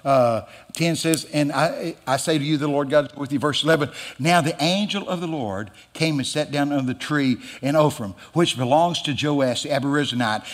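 A man preaching a guest sermon in a church, dramatic and emphatic, building to loud peaks. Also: medium pitch. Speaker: guest pastor. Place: church sanctuary. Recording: church hall with long reverb.

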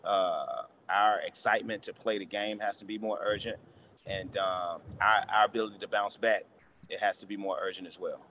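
A low-pitched man answers as a basketball coach at a press availability, stopping and restarting, repeating words and leaning on fillers. Faint ambient noise sits behind him. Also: steady tone, normal speed, pushed and bright.

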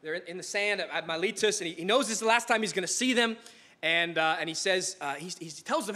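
A man preaching a sermon in a church, telling stories in a casual, animated way with frequent restarts. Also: high voice, quick pace. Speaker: pastor.

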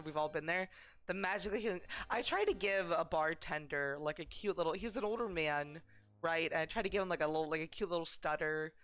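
A woman's voice: deep voice, fast, a bit bright, soft background music. A woman streaming a game live, chatting casually and self-deprecatingly with lots of fillers and giggles.

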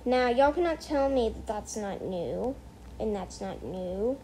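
A female gamer talks her way through a casual gameplay session at home, her voice sitting fairly high and her words coming out in an unhurried drawl. She rambles, backtracks and corrects herself mid-thought, then flares into playful mock outrage. A faint ambient hiss sits under the voice. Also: expressive, warm tone, rough recording. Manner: rambling, chatty, self-correcting. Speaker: gameplay streamer.

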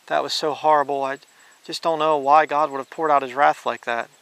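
Male preacher putting on a whiny grieving believer: high, wailing, mocking. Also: fairly even intonation, a little fast, creaky, a bit bright, a little hiss or hum. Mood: mock grief.

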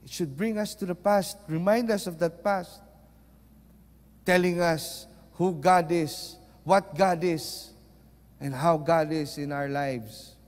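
A man preaching a sermon, mixing Tagalog into English and moving between loud and soft. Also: fairly high pitch, slow pace. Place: church. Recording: long reverb of a large hall.

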